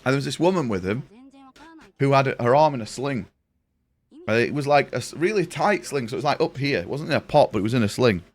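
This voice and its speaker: Talking fast with lively intonation at a medium pitch, a young man chats during a live gaming stream. He rambles, swears, and tells stories to his friends.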